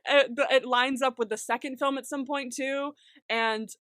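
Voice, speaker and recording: A young adult woman co-hosting a podcast in casual chat, excitable, swearing freely and laughing often. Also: high voice, normal speed, no echo, studio quality. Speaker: podcast co-host.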